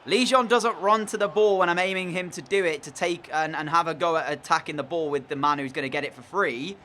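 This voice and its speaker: A man's voice: a little high, brisk, sharp tone, slight background noise. A young man commentating on his own video game match in an exasperated, sarcastic way. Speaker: gaming commentator.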